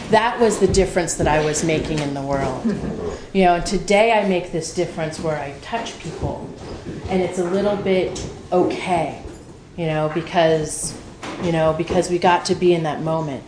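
A woman's voice: lowish voice, moderate pace. A woman telling a personal recovery story at a meeting, candid and emotional, swearing freely and full of fillers. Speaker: speaker sharing at a recovery meeting. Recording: echoey room with noise.

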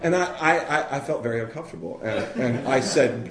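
A man's voice: mid-range voice, a little fast, over a noisy crowd. Blunt, profane man with an echoey voice. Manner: blunt, profane, self-mocking, animated. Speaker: storyteller. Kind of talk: personal recovery story told to an audience. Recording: echoey room with background noise.

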